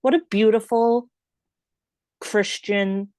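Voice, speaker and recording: A woman's voice: medium pitch, steady tone, takes it slowly, darkish tone, clear, resonant tone, dry recording, studio quality. A woman co-hosting a podcast, chatty and giggly, thinking aloud about a film. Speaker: podcast co-host. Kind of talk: casual chat about a film.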